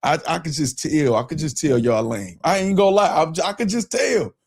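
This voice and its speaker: A young man runs his livestream in relaxed, slang-heavy talk, calling out names from the chat as they come in. His voice sits a little on the high side. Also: fairly quick, creaky, husky. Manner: loose and slangy, reading out chat shout-outs. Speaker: livestream show host.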